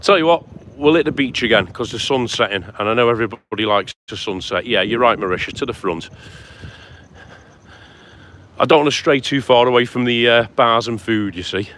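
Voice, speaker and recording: Walking through town at sunset, this man live-streams to his viewers, chatting and calling out their names as he goes. His mid-range voice has a fairly bright tone, and he talks fast with few pauses over faint outdoor street noise.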